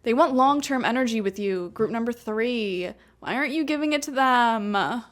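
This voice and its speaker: A woman's voice: on the high side, animated, moderate pace. A woman giving a casual tarot reading to her viewers, chatty and laughing often, with lots of "like" and "you know". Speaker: tarot reader. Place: home room with a cat.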